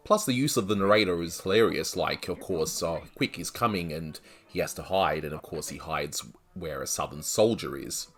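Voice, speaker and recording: A man's voice: low voice, moderate pace, hardly any pauses, soft background music. A man talking through a review of an old cartoon, in a conversational way with asides and hedges. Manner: conversational, thinking aloud with asides. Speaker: animation reviewer. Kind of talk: video review commentary.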